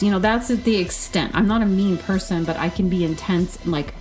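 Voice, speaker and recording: A woman's voice: mid-range voice, a little fast, soft background music. A woman hosting a podcast, telling a rambling story full of fillers and acting out the people in it. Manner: chatty, filler-heavy with lots of "like"; animated, acts out quoted people. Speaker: podcast host.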